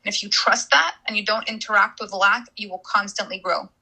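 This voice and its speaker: An emphatic woman coach hosting a live audio-room Q&A. Her voice is very bright and piercing, and she drives her points home by repeating phrases. Her pitch sits in the middle of the range. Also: fairly even intonation, a little fast, breathy edge, poor audio.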